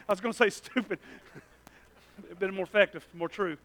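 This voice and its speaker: A pastor preaching a sermon, swinging from soft, mumbled asides to loud, stretched-out cries. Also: male voice, high-pitched, fairly quick, creaky, long pauses, no room sound.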